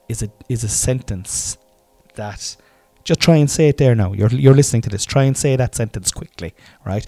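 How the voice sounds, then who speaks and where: Mellow-voiced Irish man telling stories. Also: mid-range voice, normal speed. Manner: swearing, laughing, self-deprecating. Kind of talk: casual storytelling monologue.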